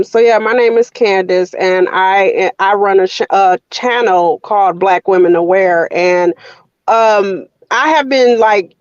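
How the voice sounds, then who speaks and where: A woman speaking as a panel guest, measured and hesitant, with pauses and fillers. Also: mid-range voice, darkish tone, no room sound, dull audio. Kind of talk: casual panel talk.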